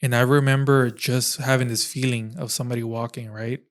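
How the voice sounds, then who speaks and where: A young man chats on a podcast at an average pitch. He rambles through his story with fillers, restarts and a loose, casual manner. His speech sounds natural and relaxed. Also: a little fast. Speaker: podcast host. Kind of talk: casual chat.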